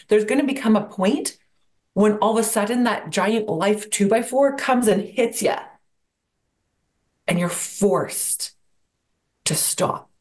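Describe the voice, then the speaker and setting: A woman's voice: medium pitch, darkish tone. Reflective woman coach with a mid-range voice. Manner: reflective coaching tone with rhetorical questions. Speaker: podcast guest, burnout coach. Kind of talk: interview answers.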